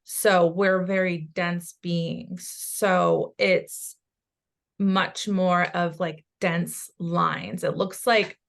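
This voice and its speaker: A woman with a slightly low voice chats casually as a psychic medium. She talks in an animated, rambling way, full of quick asides. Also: creaky. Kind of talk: casual chat.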